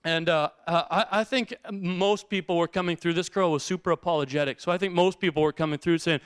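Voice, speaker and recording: A middle-aged male pastor giving a sermon with lively storytelling, acting out the people in his stories. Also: high voice, a little fast, clear, resonant tone, no echo, clean studio sound. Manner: storytelling, acts out quotes in bursts.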